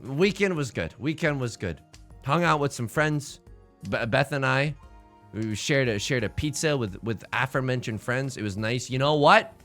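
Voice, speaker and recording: A man's voice: medium pitch, animated, normal speed, fairly bright tone, soft background music. A man live-streaming a game, chatting casually and jokily, rambling and repeating his own phrases while greeting viewers. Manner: greets chat by name mid-sentence. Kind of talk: casual stream chat with gameplay commentary.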